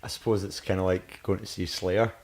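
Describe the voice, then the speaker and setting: A man's voice: deep voice, level tone, fairly quick, a little mellow. A man hosting a podcast, chatting casually with a guest and teasing him with dry jokes. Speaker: podcast host. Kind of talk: casual chat.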